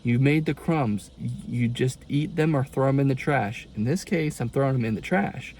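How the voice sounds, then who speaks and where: A man's voice: mid-range voice, moderate pace, a little mellow, a little hiss or hum. A young man, a college student, rambling in a casual confession vlog, exasperated and full of folksy turns of phrase.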